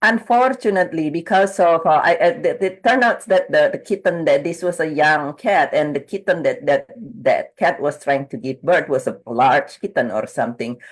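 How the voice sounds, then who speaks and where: A woman's voice: sits low, normal speed, few pauses. A middle-aged woman grief coach talking through a client's story, rambling with restarts and slipping into quoted voices. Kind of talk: conversational interview.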